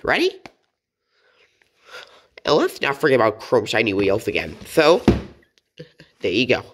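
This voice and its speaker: A woman hosting a casual toy review, chatty and playful, giggling often as she talks. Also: a bass voice.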